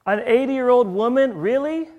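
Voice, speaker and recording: Male preacher, high voice, animated, quizzes the congregation with rhetorical questions. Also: moderate pace, lo-fi sound. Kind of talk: sermon.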